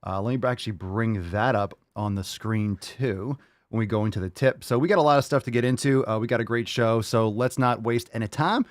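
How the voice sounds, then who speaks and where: A man's voice: medium pitch, brisk, dry recording, studio quality. A man hosting a casual podcast, joking crudely and talking with hype. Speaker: podcast host.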